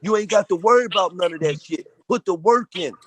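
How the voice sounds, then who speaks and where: A man's voice: sits high, fairly quick, a bit bright, husky, no echo. A man on a phone call giving a blunt, profane motivational rant in a preachy manner. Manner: preachy, blunt, heavy swearing. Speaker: speaker in a group audio call. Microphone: phone on an audio call.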